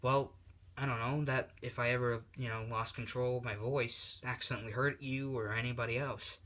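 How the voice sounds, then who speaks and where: A gentle teenage boy stumbles over his words, awkward and apologetic, voiced by a man in his everyday tone. The voice is bright and quietly earnest. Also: mid-range voice, fairly even intonation, normal speed, a little hiss or hum, close to an everyday voice. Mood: timid. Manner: stammering, apologetic.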